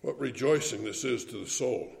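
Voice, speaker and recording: Man, preacher, sermon, emphatic, rising to shouts, roomy echo. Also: mid-range voice, normal speed, vocal fry. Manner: emphatic, building to fervent shouts.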